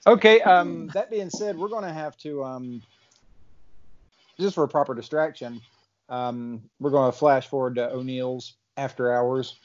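A man's voice: mid-range voice, measured pace. A man running a tabletop game as game master, chatty and laughing often, in a slightly muffled recording.

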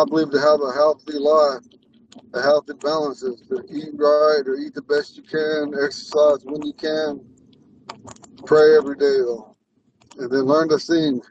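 A man's voice: a little high, level tone, normal speed, darkish tone, distant mic, dull audio, a little hiss or hum. Man with a lisp talking while driving. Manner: rambling, earnest and spiritual. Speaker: Ponca language teacher. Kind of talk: casual talk while driving. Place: inside a car on the road.

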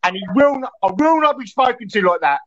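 A man's voice: very high-pitched, expressive, fast, muffled recording, crowd noise. A man from Portsmouth with an English accent, furious and swearing in a heated live-stream argument. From England.

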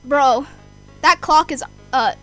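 A young woman commenting on a horror game, easily scared, swearing, shouting and joking at the screen. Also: high-pitched, slow, faint music behind. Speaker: gamer.

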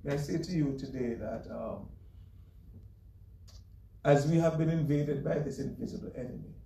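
A man's voice: on the high side, moderate pace, gravelly, dark tone. A man preaching a sermon as pastor, earnest and emphatic, with light chuckles between points. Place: church sanctuary. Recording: echoey church room, mic far off.

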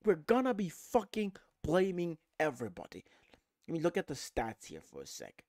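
A man's voice: fairly high pitch, normal speed, no room sound, clean studio sound. A man hosting a football fan channel, delivering an angry, profane rant straight to camera. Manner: furious, profane, animated ranting.

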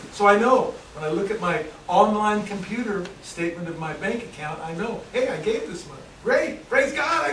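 A man with a Texan accent preaching a sermon as pastor, swinging between loud shouted bursts and hushed asides. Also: a little high, slight background noise. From Texas. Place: church sanctuary. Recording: echoey church room from far off.

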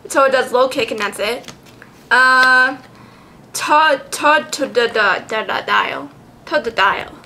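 High, bright-voiced giggly woman vlogger. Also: slow pace, a little hiss or hum. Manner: giggly, excitable, swears freely. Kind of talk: casual chat.

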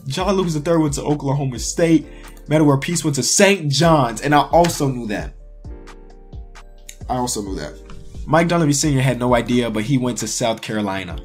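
A man's voice: medium pitch, brisk, faint music behind. A man giving casual running commentary on a sports quiz, talking to himself and crying out in frustration. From Chicago area. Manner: excitable, talks to himself, cries out in frustration. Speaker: sports YouTuber.

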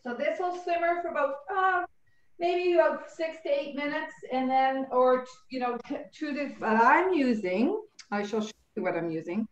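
High-voiced woman chatting through a cooking demo. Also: normal speed, reverberant, dull audio. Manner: chatty, rambling, self-correcting asides. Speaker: home cook demonstrating a recipe. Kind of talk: casual cooking demo over video call.

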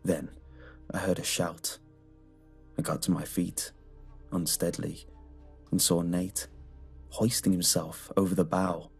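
Deep gravelly male horror narrator. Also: little pitch movement, measured pace, long pauses. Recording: soft music underneath.

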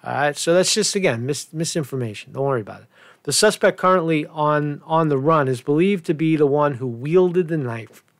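A man's voice: on the high side, lively intonation, a little fast, no echo, studio quality. A man hosting a news commentary show, reading reports and arguing with rhetorical questions in a rambling manner.

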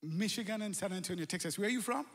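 A man's voice: high-pitched, very fast. A Jamaican man hosting a conference in a large auditorium, energetically calling out to the crowd. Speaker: conference host. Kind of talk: lively crowd warm-up.

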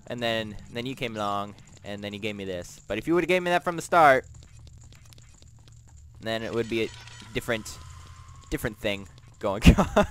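A man's voice: mid-range voice, clear, resonant tone. A man giving goofy, rambling commentary while playing a video game, often talking back to the characters. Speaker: let's play gamer. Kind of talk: casual gameplay commentary.

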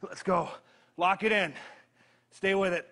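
A man leading a live workout, energetic and joking, counting down reps while he strains through the exercises himself. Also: sits high, a little slow. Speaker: fitness trainer.

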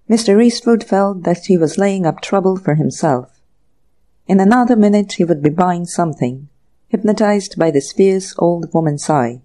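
An audiobook narrator reading a classic mystery story in measured, even scripted narration. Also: mid-range voice.

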